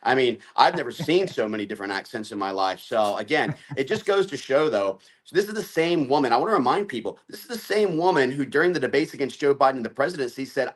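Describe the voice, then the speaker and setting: A man's voice: mid-range voice, quick pace. A man speaking as a guest on a political talk show, listing his points in long assertive runs.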